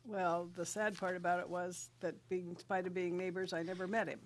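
A woman's voice: on the low side, fairly quick. Older woman rancher telling stories. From South Dakota. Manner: lively storyteller, laughs often, recites verse. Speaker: guest writer and rancher. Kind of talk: radio interview storytelling.

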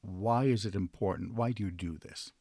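A man hosting an interview, asking relaxed, conversational questions. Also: low voice, normal speed, dry recording. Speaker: host.

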